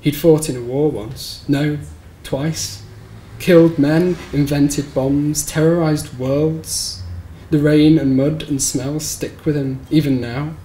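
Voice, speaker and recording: A man reading his own short story aloud at a live bookshop event, in a measured, somber storytelling manner. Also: on the high side, steady tone, dark tone. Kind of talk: live reading of literary fiction. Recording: roomy live recording with faint background noise.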